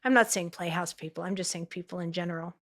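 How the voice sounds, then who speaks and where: Speaking fast, a middle-aged acting coach and teacher from Los Angeles recounts stories in a podcast interview, switching to a high, excited voice whenever she acts out what someone said.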